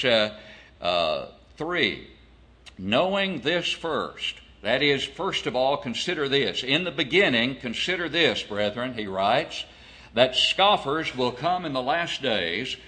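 A man preaching an expository sermon, reading scripture and explaining it in a deliberate way, with rhetorical questions to the congregation. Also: medium pitch, sharp tone.

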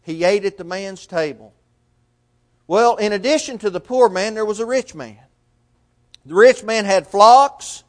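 Preacher, male, high tenor register; sermon delivery heavy on rhetorical questions, loud-to-soft swings. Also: unhurried, pauses often.

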